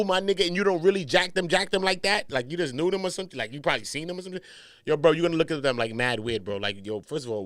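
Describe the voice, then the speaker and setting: A man hosting a commentary show, talking in heavy slang, emphatic, jumping from loud outbursts to low mutters. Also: fast, no echo, clean studio sound. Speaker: commentary host. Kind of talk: animated commentary.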